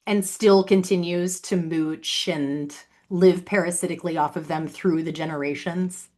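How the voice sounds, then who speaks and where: A woman's voice: lowish voice, fairly even intonation, unhurried, a little mellow. A woman speaks straight into the camera in a solo vlog, her tone accusatory and sarcastic. She repeats her points and mocks the person she addresses. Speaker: vlogger. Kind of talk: direct-to-camera monologue.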